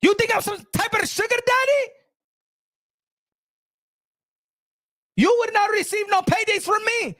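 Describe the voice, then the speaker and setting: A man's voice: very high-pitched, a little fast, pitched above the performer's own voice. A man impersonating a ranting boxing promoter. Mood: furious. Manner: shouting, swearing, scolding. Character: furious rich male boxing promoter, berating a fighter.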